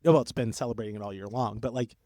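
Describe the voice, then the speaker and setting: A young man co-hosting a podcast, telling a history story in an excitable, rambling way that keeps breaking off and jumping between tangents. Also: on the low side, quick pace, no room sound, clean studio sound. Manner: excitable, rambling, self-interrupting. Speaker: podcast co-host. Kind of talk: casual storytelling chat.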